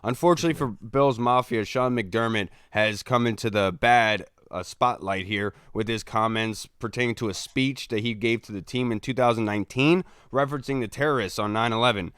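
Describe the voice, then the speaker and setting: Smooth-voiced sports podcast host. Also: male voice, on the low side, a little fast, hardly any pauses, dry recording, clean studio sound. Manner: relaxed, asks long framed questions. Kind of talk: casual sports podcast hosting.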